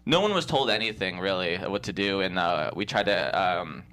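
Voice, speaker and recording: A man, a comedian, telling a rambling, animated story in casual chat, full of restarts and laughs. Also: deep voice, normal speed. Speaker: comedian guest.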